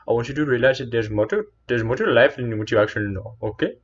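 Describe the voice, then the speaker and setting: Brief: man in a rambling, earnest personal story; mid-pitched; muffled lo-fi sound. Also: fast talker, slightly rough. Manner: meandering, earnest, self-correcting. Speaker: storyteller vlogger.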